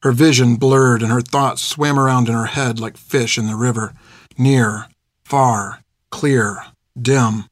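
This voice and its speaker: A man narrates a novel chapter in a steady, measured way, his voice sitting at an ordinary middle pitch. He is recorded close to the mic, and the sound is dry and free of room echo. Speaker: audiobook narrator. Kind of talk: scripted narration.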